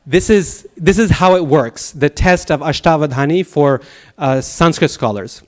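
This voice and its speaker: A man teaching a Sanskrit class at a temple, telling anecdotes in an animated way with chuckles and restarts. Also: on the high side, a little slow. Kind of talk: lecture with anecdotes.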